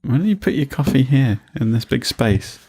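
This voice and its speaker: A man's voice: mid-range voice, very animated, normal speed, darkish tone, husky. A man co-hosting a casual podcast, teasing his co-host, laughing often and rambling through anecdotes. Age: adult, grew up before the internet. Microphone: studio mic on a desk.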